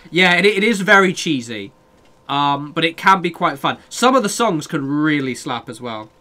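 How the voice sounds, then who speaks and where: A man's voice: a little high, very animated, normal speed, sharp tone. A young man live-streaming a game, chatting casually with viewers, reading their messages and swearing freely. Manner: chatty, sweary, reads and answers chat.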